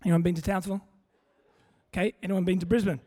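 A man preaching a sermon, telling a funny story in a relaxed, conversational way. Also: high-pitched, fast. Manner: conversational, humorous, animated storytelling. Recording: long hall reverb.

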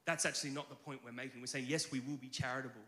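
Male pastor, sermon delivery, bright voice, chatty animated storyteller, echoey hall. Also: medium pitch, very fast. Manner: conversational, animated storytelling with filler restarts.

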